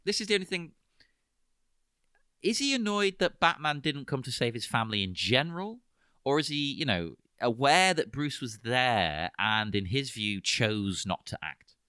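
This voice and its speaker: A man co-hosting a podcast, chatting casually about a film and slipping in wry jokes. His pitch leaps around and his tone is bright. The sound is dry and close. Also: big pitch swings, moderate pace, clean tone, no echo. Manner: wry, joking asides. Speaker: podcast co-host. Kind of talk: casual film-discussion chat.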